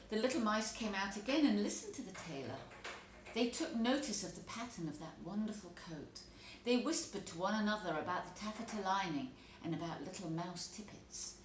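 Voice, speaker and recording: A woman reads a storybook aloud to children, her voice swooping up and down with lively expression. The room is echoey and roomy, with a faint hum of background noise beneath her. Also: mid-range voice. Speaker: teacher reading a story aloud. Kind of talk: storybook read-aloud narration.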